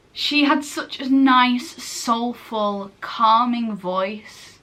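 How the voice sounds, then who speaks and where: A woman's voice: fairly high pitch, drawn-out words, few pauses, sharp tone. A teenage girl from England chatting casually and gushing in a rambling way, often interrupting herself. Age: late teens. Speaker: vlogger. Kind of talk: casual chat.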